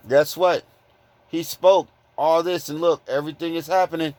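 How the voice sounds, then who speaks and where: A man preaching informally from scripture, confronting listeners with blunt rhetorical questions and reading verses slowly. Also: on the high side, a little mellow, dry recording. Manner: repeated rhetorical questions, "guess what?"; reads verses slowly and deliberately.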